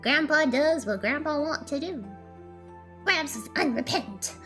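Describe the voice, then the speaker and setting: Animated, high-voiced playful streamer woman. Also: a little slow, soft background music. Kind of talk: game playthrough reading narration aloud.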